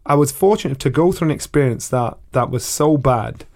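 A middle-aged man with an English accent, a guest telling a story in a relaxed interview, lively and acting out other people's voices. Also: medium pitch, brisk. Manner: animated, acts out voices of people in his stories, swears. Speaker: guest, retired boxer.

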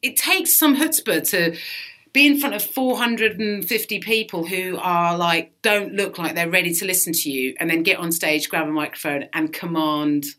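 A woman comedian talking as a podcast guest, animated, swearing freely and often laughing. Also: on the low side, normal speed. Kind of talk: casual podcast interview.

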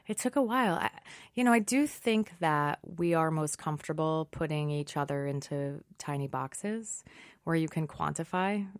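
A middle-aged woman, a stage actress, chatting in an interview in an animated, self-deprecating way and laughing often. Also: sits low, moderate pace, dry recording, studio quality. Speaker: guest, Broadway actress. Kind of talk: casual interview chat.

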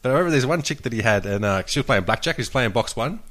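A man's voice: medium pitch, expressive, rapid-fire, a bit bright. A man co-hosting a podcast in casual chat, telling sweary anecdotes with bursts of laughter. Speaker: podcast co-host.

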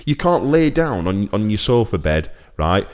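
An excitable man co-hosting a podcast, his lowish voice leaping around with lively, animated swings. He rants casually and breaks into squeaky high bursts when worked up. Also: moderate pace. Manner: excitable, ranting, jumps into high squeaky pitch. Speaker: podcast co-host. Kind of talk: casual comedic chat.

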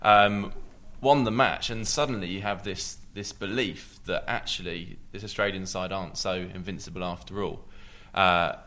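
Deep, bright-toned man on a panel. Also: steady tone, moderate pace, hardly any pauses. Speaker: podcast panelist. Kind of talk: casual chat.

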